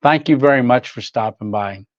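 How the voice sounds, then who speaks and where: A man's voice: medium pitch, normal speed, no echo, dull audio. An older man hosting a casual livestream, rambling through stories, reading chat aloud and laughing often. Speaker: livestream host.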